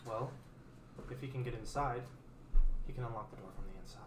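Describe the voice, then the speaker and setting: A man's voice: mid-range voice, noisy background. Man, dungeon master, stumbling, restarts a lot, echoey room, mic far away. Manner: halting, restarts often, many fillers. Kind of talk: running a tabletop game.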